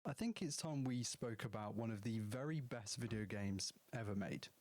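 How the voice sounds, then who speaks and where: A man's voice: medium pitch, animated, normal speed. A man narrating a scripted game review, earnest and enthusiastic. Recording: played clip with music under it.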